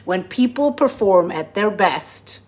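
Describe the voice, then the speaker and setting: A woman's voice: medium pitch, lively intonation, slow pace, a little mellow. A woman in her thirties hosting a casual solo podcast as a coach, bubbly and enthusiastic, chatty with restarts. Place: home in Germany.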